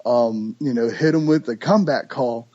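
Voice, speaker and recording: A man, a duck call maker, chatting casually on a podcast and telling lively stories with imitated calls. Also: mid-range voice, normal speed, lo-fi sound. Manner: animated storyteller, imitates duck calls and voices.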